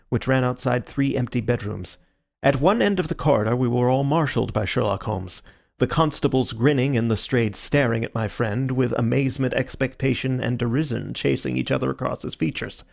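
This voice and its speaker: A man reading a classic detective story aloud as an audiobook narrator, in a steady storytelling manner. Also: mid-range voice, brisk, gravelly. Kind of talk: scripted narration.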